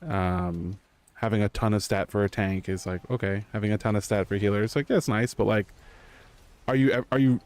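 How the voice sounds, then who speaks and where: A man's voice: on the low side, steady tone, brisk, darkish tone. A man streaming live, telling a story in a loose, rambling way with lots of fillers. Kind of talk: casual chat.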